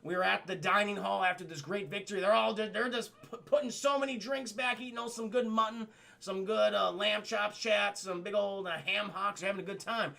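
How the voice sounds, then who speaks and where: A man streams a cartoon review, chatting animatedly and swearing freely. His voice sits high and sounds bright and gravelly. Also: fairly quick. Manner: animated, profane, full of fillers. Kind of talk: casual live-stream commentary.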